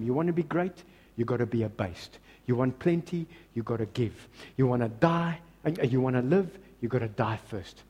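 A man with a South African accent preaching a sermon as pastor, switching between loud exclamations and quiet asides. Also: medium pitch, husky, big-room sound. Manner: animated preaching, shifts between shouting and hushed asides.

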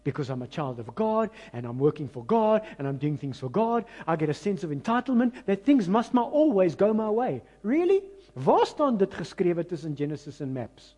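A South African pastor preaching a sermon with an Afrikaans-mixed accent. He talks to the congregation conversationally, pokes fun at himself, and swings between loud, emphatic lines and hushed ones. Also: high voice, very animated, normal speed. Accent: South African, mixing in Afrikaans. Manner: self-mocking, conversational asides to the congregation.

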